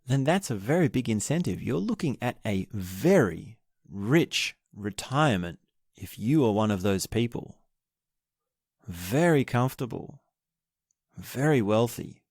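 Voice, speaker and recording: A man hosting a book podcast retells a historical story, thinking aloud casually with restarts and asides. His mid-range voice is a little mellow, with lively intonation and a measured pace, recorded dry with clean studio sound.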